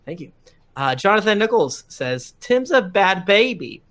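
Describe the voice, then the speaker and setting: A man's voice: high voice, sing-song, measured pace, a bit bright. A man on a live-streamed podcast who casually reads listener reviews aloud, rattling through them with frequent "uh"s and little chuckles. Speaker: podcast cast member reading listener reviews. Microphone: desk mic on a live stream.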